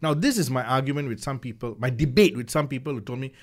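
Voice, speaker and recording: A man chatting casually as a car reviewer, animated and often repeating words as he builds a point. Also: mid-range voice, fast. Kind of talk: casual chat.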